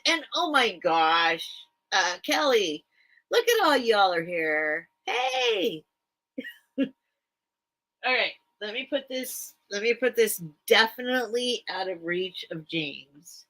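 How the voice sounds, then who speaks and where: A woman's voice: mid-range voice, very animated, takes it slowly, sharp tone, rough recording. A middle-aged woman hosting a casual live-stream sale from home, chatty and rambling with lots of ums. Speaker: online vintage seller.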